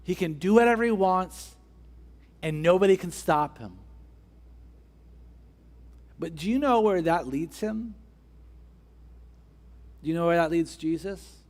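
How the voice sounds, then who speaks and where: A man's voice: high voice, measured pace, long pauses, darkish tone. A man preaching a sermon as pastor, driving his point home with repeated rhetorical questions and building emphasis.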